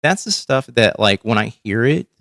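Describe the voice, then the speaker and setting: A man's voice: medium pitch, animated, moderate pace, creaky, fairly bright tone, no room sound, studio quality. A man hosting a casual livestream, talking candidly and rambling with frequent ums and swearing. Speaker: livestream host.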